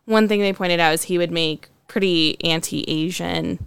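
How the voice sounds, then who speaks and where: Thoughtful woman, clear, dry voice. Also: on the low side, fairly even intonation, a little slow, a bit bright, dry recording. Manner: thoughtful, hedging with frequent ums and likes. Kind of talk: casual conversational chat.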